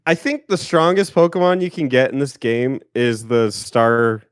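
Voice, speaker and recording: A man's voice: medium pitch, lively intonation, moderate pace, smooth, dry recording, studio quality. A man co-hosting a casual gaming podcast, rambling and restarting his sentences. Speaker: podcast co-host. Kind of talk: casual chat.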